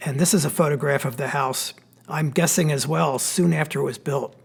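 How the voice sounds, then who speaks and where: A man with a Pennsylvania accent, an architect giving a relaxed, explanatory slide lecture with plenty of fillers. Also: on the high side, moderate pace, vocal fry, breathy edge. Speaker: architect giving a history talk. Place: church hall.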